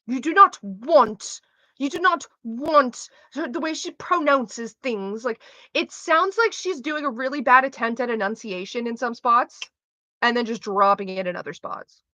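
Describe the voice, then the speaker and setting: Bright-voiced young woman, rambling streamer chat. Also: on the high side, a little slow, dry recording. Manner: rambling, swears freely, trails off mid-sentence. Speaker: livestreamer reading chat. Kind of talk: casual chat with a live audience. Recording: slightly dull lo-fi mic.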